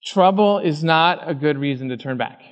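A fairly high-voiced man preaching in a church hall. He tells a story and acts out the people in it, and his voice rings with long reverb. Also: lively intonation, normal speed. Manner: storytelling, acting out quoted voices. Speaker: pastor. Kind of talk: sermon with personal story.

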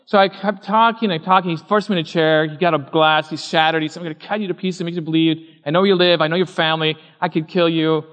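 A fairly high-voiced man preaching in a church hall. He tells a story and acts out the people in it, and his voice rings with long reverb. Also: steady tone, fast, few pauses, a bit bright. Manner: storytelling, acting out quoted voices. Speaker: pastor. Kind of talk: sermon with personal story.

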